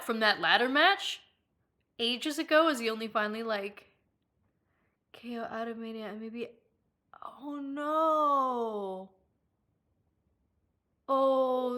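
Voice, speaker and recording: A young Irish woman talks casually to her live-stream audience in a bright, forward voice. She giggles often and swears freely. When something delights her, she breaks into excited squeals. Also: a little high. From Ireland. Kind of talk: casual chat, reading live chat.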